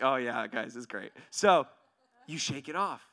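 A pastor in his thirties giving a sermon to his church, lively and joking at first, then soft and hushed as he leads a quiet prayer. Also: medium pitch, a little slow. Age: 30s. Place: church hall.

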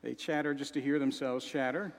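A man preaching a sermon with dramatic swings, dropping to a soft sorrowful voice and rising to shouts. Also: mid-range voice, fairly even intonation, a little fast, big-room sound.

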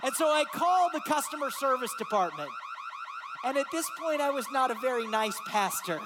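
A man, a pastor, telling a lively personal story in a sermon and acting out the voices in it. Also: very high-pitched, normal speed, background noise. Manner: animated, acts out voices in his story.

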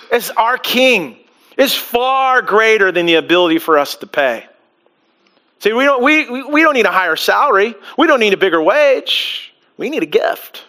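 Acting out the figures in his story and firing off rhetorical questions, a pastor gives a spirited sermon. His voice sits high.

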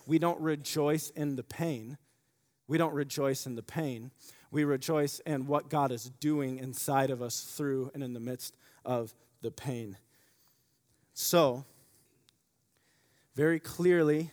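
A man preaching a sermon, repeating key phrases and swinging from loud emphasis to quiet asides. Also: mid-range voice. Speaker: pastor. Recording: long hall reverb.

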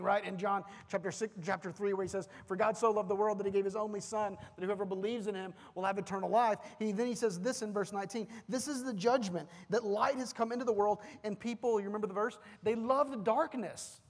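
A man's voice: high-pitched, level tone, fast, hardly any pauses, big-room sound. A man preaching a sermon as pastor, emphatic, with repeated phrases and restarts.

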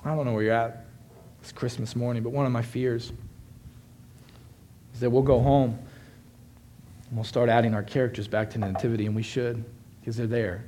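A man preaches a Christmas morning sermon in a mid-range voice. He builds to forceful, ringing declarations, then draws back to a soft, close tone, and he raises his pitch when acting out quoted speech. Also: level tone, normal speed, long pauses, slight background noise. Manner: swings from loud proclaiming to soft, close confiding. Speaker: pastor.

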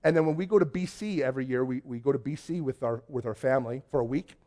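A man preaching a conversational sermon to his congregation, telling stories in an excitable, chatty way. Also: mid-range voice, fast talker. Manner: chatty storytelling, excitable, many restarts. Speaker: pastor. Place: church before a congregation.

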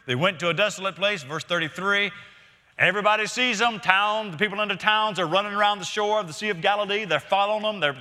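A middle-aged man preaches in a relaxed, storytelling manner, peppering his sermon with questions to the congregation. His voice is sharply bright and sits a little high for a man. The sound carries a long reverb from a church hall. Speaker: pastor.

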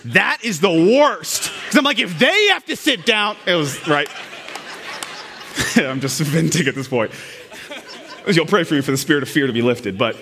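A man's voice: sits high, a bit bright. A young man preaching a sermon, casual and self-deprecating at first, building to fervent emphasis.

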